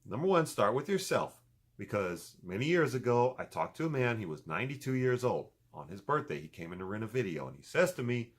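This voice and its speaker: Animated, profane man vlogging advice. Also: fairly quick. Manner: animated, swings from loud emphatic to low muttering; profane, joking. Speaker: video blogger. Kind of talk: casual motivational vlog.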